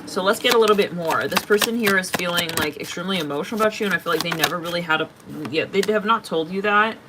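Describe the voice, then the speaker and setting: A woman's voice: fairly low pitch, quick pace, noisy background. A woman giving a casual tarot reading to her viewers, talking bluntly and with open exasperation, swearing freely as she goes. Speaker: tarot reader.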